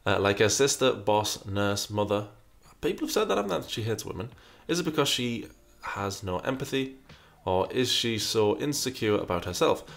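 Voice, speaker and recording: In a lowish, gravelly, fairly bright voice, a man speaks expressively at normal speed while hosting a relaxed Q&A. He reads each viewer question out loud, thinks it over, and frequently circles back to the same words.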